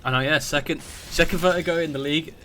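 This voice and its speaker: A man's voice: on the high side, fairly even intonation, fast talker, bright, forceful tone, slight background noise. A man in his thirties from the UK casting an esports match alone, chatty and talking to his stream chat between plays. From United Kingdom. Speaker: esports caster. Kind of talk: solo play-by-play game commentary.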